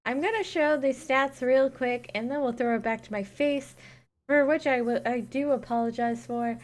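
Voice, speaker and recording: A woman's voice: high voice, normal speed. A woman casting a gaming tournament live, chatting with viewers and thanking them between matches. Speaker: esports caster. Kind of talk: solo live-stream casting between games.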